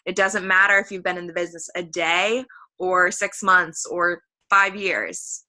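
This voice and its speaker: A woman's voice: fairly low pitch, fairly even intonation, a little slow, sharp tone. A woman leading a group video call, talking in a casual, encouraging way. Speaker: call leader.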